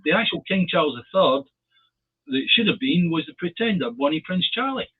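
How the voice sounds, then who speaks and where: A man co-hosting a casual political chat, speaking in a measured but defiant way with rambling asides. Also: fairly high pitch, sing-song, husky. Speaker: co-host. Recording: phone-like narrow audio.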